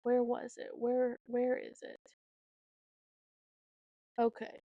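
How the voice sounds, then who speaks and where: A woman's voice: on the high side, flat delivery, takes it slowly, gravelly, no echo, highs cut off. A woman in her thirties hosting a podcast, rambling and chatting casually from home. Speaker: podcast host. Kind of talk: casual solo chat.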